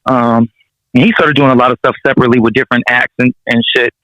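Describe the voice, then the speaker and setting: A man tells stories in a relaxed, slangy way, often swearing and chuckling between anecdotes. His voice sits at an ordinary middle pitch. The sound is dry and a little dull, with the highs rolled off. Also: fast talker, no echo. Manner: laid-back, slangy and profane, chuckling through anecdotes. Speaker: rapper guest. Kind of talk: casual storytelling interview.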